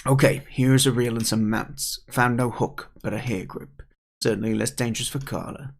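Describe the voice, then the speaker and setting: A man's voice: medium pitch, steady tone, normal speed, vocal fry. A man reading game dialogue as an old, sarcastic male pike fish with an impatient, dry manner.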